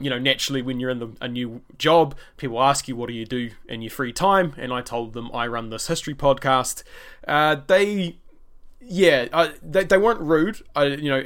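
A man's voice: medium pitch, fairly bright tone. A young man hosting his own podcast, chatting casually and rambling with lots of fillers and restarts. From New Zealand. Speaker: podcast host. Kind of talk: casual solo podcast, answering listener questions.

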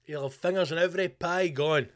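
A Scottish man hosting a comedy podcast, ranting in a sweary, animated way. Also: fairly high pitch, fairly quick. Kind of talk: comedic rant.

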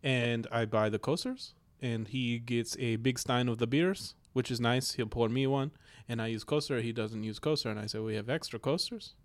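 A man voicing a deadpan pro-Putin Russian roommate in broken English with a put-on Russian accent. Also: mid-range voice, normal speed, few pauses, no room sound, voice pushed down, close to an everyday voice.

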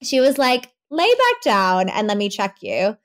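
A young woman, a podcast guest, telling her birth story in an animated way, laughing often. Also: medium pitch, measured pace.

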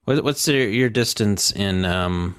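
A man with a fairly low voice runs a tabletop game as its game master. He reads out scene descriptions and stops often on fillers. The sound is dry and close. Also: slow, a bit bright, clean tone, no room sound.

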